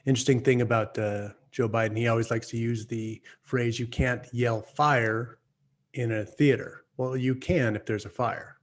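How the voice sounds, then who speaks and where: A man's voice: mid-range voice, steady tone, moderate pace. A man hosting a talk radio show, folksy, opinionated and joking as he speaks to his listeners. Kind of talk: talk radio monologue and banter.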